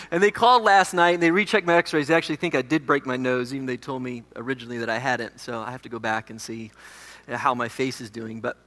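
Forties male pastor, bright, tense tone, casual storyteller in an echoey church hall. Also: medium pitch, fairly even intonation, a little fast. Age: 40s. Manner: conversational, self-deprecating storytelling. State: recovering from a head injury. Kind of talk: sermon with a personal story.

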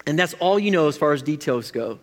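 Joking animated preacher guy, pretty high voice, big echoey hall around him. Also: a little fast. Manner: animated, jokey, self-interrupting. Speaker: pastor. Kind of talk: sermon.

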